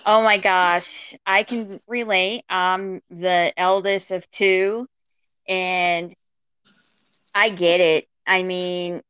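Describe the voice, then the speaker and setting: A woman hosting a casual chat, answering in a reassuring, unhurried way. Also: lowish voice, fairly even intonation, fairly bright tone, clean tone, no echo. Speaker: host. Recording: muffled lo-fi audio.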